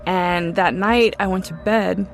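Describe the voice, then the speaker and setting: A woman's voice: fairly low pitch, steady tone, a little slow, creaky, faint music behind. A young woman casually recounting a true ghost story in a chatty way, full of "like" and "um" fillers. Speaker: guest storyteller.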